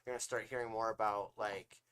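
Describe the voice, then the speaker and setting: A man's voice: on the low side, fairly even intonation, fast talker, fairly bright tone, smooth. A man co-hosting a casual livestream podcast as an author, rambling and swearing freely between laughs.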